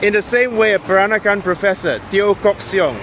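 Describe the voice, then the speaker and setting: A man's voice: sits high, fairly quick, heavy background noise. A man from Malaysia with a British accent, giving a frank, opinionated monologue with sardonic asides. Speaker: commentator. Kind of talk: casual monologue.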